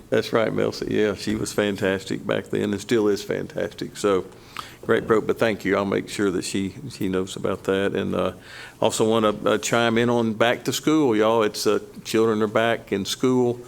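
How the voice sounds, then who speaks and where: A man chairing a city council meeting in a relaxed, folksy way. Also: on the low side, a little slow, vocal fry, slight background noise. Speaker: council president.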